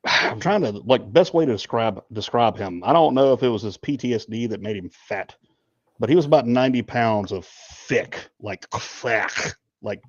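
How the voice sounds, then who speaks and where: A man's voice: medium pitch, dry recording. Joking storyteller man, muffled dry sound. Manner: animated joking storyteller, trails off with ums. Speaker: podcast co-host. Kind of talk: casual storytelling chat.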